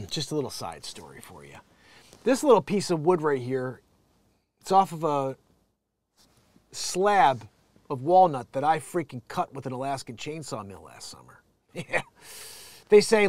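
A man's voice: fairly high pitch, a little mellow, no room sound. Rambling, profane male show host. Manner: rambling, profane, laughs often. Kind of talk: ranting comedic commentary. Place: home studio.

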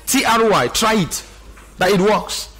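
A pastor preaching, passionate and often shouting out exclamations between scripture quotes. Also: male voice, high-pitched, expressive, measured pace, slightly rough. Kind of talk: sermon.

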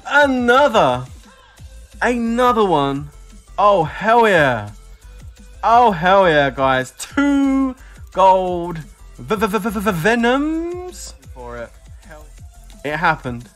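Man, game streamer, lively pitch, slow delivery, excitable, music under. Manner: excitable, shouting and laughing at drops. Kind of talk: live game commentary.

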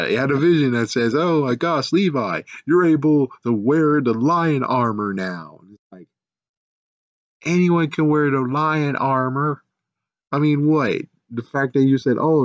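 A man with a fairly low voice rambles through a show recap, sarcastic and exasperated, swearing now and then. The sound is dull and lo-fi, with a dry, close feel and no room around it. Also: no echo. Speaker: show reviewer. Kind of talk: casual episode recap and review.

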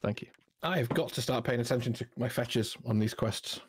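A man's voice: mid-range voice, fairly quick, a little hiss or hum. A man playing a co-op game, chatting casually and cracking dry teasing jokes. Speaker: co-op game partner. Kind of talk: casual gaming chat.

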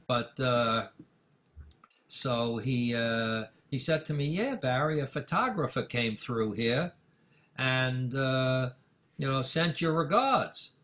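An older man, a music manager, telling a story in an interview, full of fillers and acting out the dialogue with rising excitement. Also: medium pitch, takes it slowly. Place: office in Manhattan.

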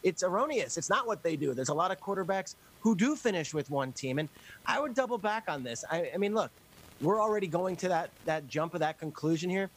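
Emphatic high-voiced man pushing back. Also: expressive, brisk, rough recording. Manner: emphatic, pushes back with repeated starts. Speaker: sports talk panelist. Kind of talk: sports talk discussion.

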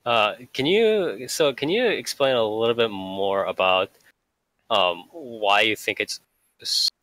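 A man's voice: on the low side, animated, slow, pushed and bright, dry recording. A man hosting a casual review podcast, prompting the others with questions and laughing easily. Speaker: podcast host.

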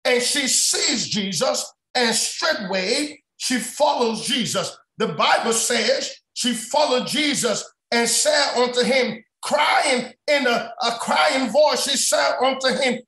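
A man preaching a sermon on a prayer line, shouting often and repeating his phrases. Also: extremely high pitch, expressive, slow pace, hardly any pauses. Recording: echoey room sound.

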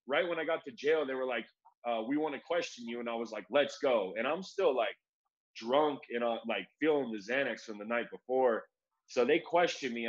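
A young man from the United States, an MMA fighter, tells a long story in loose, slangy talk, throwing in "like" and "bro" as he goes. His voice sits at an ordinary middle pitch for a man. The recording sounds a little dull and lo-fi. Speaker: MMA fighter being interviewed. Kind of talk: casual storytelling.

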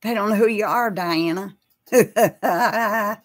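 A woman's voice: mid-range voice, slow. A woman hosting a casual live chat, talking with viewers and reading out their names. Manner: chatty, reads out viewer names.

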